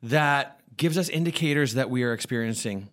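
A man's voice: mid-range voice, normal speed. A young man co-hosting a casual church podcast, teasing and playful. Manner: playful teasing, lively intonation. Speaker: podcast co-host. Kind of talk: casual chat.

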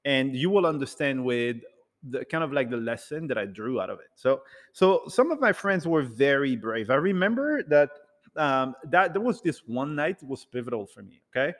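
A man in the middle of a casual storytelling talk, rambling and animated as he acts out what people said. His voice sits at an ordinary male pitch, and a long hall reverb trails behind each phrase. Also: normal speed. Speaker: speaker addressing an audience.

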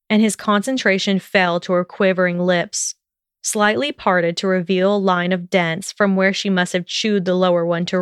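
Slow, smooth-voiced woman reading a story. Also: fairly low pitch, dry recording, clean studio sound. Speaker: narrator.

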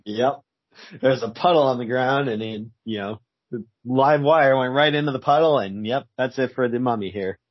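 A man joins a casual podcast chat with easygoing agreement and dry quips. His voice is husky and sits in a middle pitch. The recording is dry and dull, with a lo-fi sound. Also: normal speed, dry recording. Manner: laid-back, brief agreeing replies and wry jokes. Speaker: podcast co-host.

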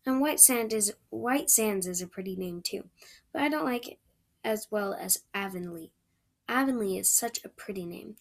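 A woman's voice: mid-range voice, normal speed, creaky. A woman voicing a chatty, dreamy eleven-year-old red-haired girl who gushes in romantic chatter. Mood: gushing, dreamy. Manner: breathless, gushing, romantic chatter.

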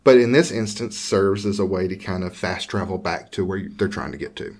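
A man from Georgia co-hosting a tabletop gaming podcast, chatting casually with jokes and halting restarts. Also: deep voice, darkish tone. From Georgia, USA. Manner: joking, self-deprecating, halting with restarts. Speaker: podcast co-host. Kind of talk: casual chat.

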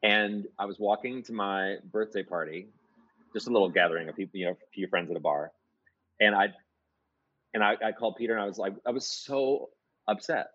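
Low-voiced man, rambling with many restarts. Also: a little fast, a bit bright, no room sound, highs cut off. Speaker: musical theater composer and lyricist. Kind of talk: casual interview chat.

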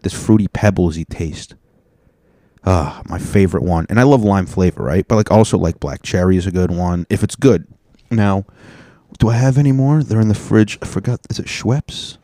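A comedian talking casually to camera, rambling and joking with plenty of swearing. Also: male voice, low voice, mellow, dry recording, studio quality. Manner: profane, rambling, jokey.

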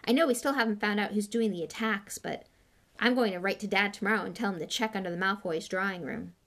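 A woman voicing a blunt, cheeky teenage boy wizard in a lively, slightly raised voice, in a storybook reading. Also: mid-range voice, quick pace, natural voice.

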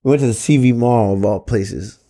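A man in his thirties with a low voice, casually telling stories on a podcast, easygoing, swearing and laughing often. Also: brisk, warm tone. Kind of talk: casual storytelling.

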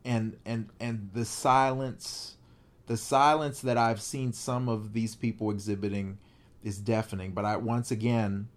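A man's voice: fairly low pitch, steady tone, unhurried. A man co-hosting a podcast, talking casually and earnestly, his voice climbing when he is moved. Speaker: podcast co-host. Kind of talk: casual conversation.

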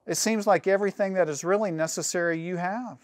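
Man doing calm pastor, gently questioning, reassuring, louder delivery. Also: high-pitched, fairly quick, no echo, studio quality, close to an everyday voice.

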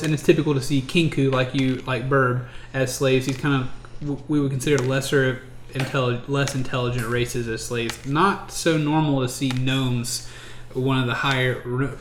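A man's voice: medium pitch, steady tone, moderate pace, few pauses. A man narrating a tabletop game as game master, hesitant with many fillers and restarts. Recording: echoey room, faint noise.

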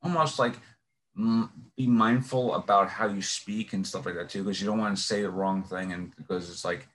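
A man's voice: on the low side, fairly even intonation, moderate pace, fairly bright tone. A man with a Brooklyn accent talking casually, rambling and searching for words with lots of fillers. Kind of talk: casual chat.

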